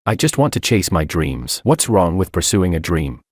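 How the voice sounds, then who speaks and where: A man's voice: deep voice, big pitch swings, normal speed, a little mellow, breathy edge, dry recording, studio quality, exaggerated voice. Man voicing a desperate, jealous young student. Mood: pleading. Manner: sobbing pleas turning to bitter rants.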